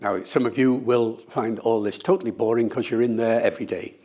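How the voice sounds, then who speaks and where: An older man with a medium-pitched voice answers an interviewer's questions in an easy, conversational way. He talks with animated flair and shows his points through playful demonstrations. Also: fairly quick. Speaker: linguist being interviewed.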